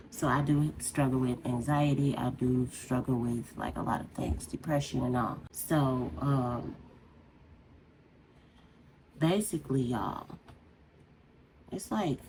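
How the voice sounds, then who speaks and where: A woman with a strikingly low, deep voice vents in a loose, rambling way as she does her makeup on camera. Her talk is conversational and heartfelt, with steady room noise audible underneath. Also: measured pace, long pauses, poor audio. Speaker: beauty vlogger. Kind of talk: casual venting while doing makeup.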